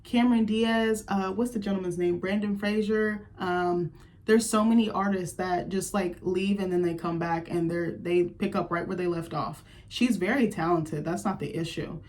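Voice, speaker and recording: A woman's voice: medium pitch, fairly even intonation, moderate pace, darkish tone. A woman giving a candid, chatty recap of a TV episode in her vlog, sharing her opinions with plenty of fillers. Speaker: TV recap vlogger.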